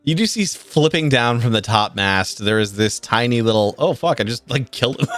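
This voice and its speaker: A man's voice: medium pitch, lively intonation, normal speed, a bit bright, dry recording, faint music behind. A man narrating as game master of a tabletop game, rambling with many fillers, cursing and laughing along.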